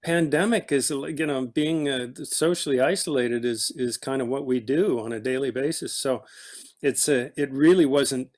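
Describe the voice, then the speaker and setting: A middle-aged man, an actor guest in a casual conversation, telling stories in a halting, rambling way full of restarts. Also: medium pitch, darkish tone.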